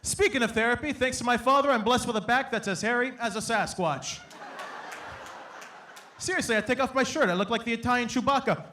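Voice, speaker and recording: A young man from Canada doing an animated, playful stand-up comedy set on a stage, acting out his family in quick bits. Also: very high-pitched, slight background noise. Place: comedy stage before a live audience.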